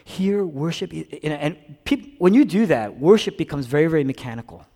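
A man preaching a sermon as a pastor, swinging between loud, emphatic passages and hushed, whispered ones. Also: fairly high pitch, lively intonation, normal speed, long reverb tail.

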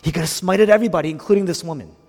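A man preaching a sermon as pastor to his congregation, dropping to hushed whispers and then rising to loud, emphatic lines. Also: high-pitched, very fast, creaky. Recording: long hall reverb.

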